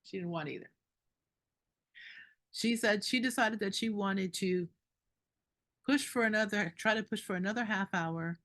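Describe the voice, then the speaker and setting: A woman doula telling a story at a group meeting, animated and indignant, laughing between lines. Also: medium pitch, normal speed, long pauses.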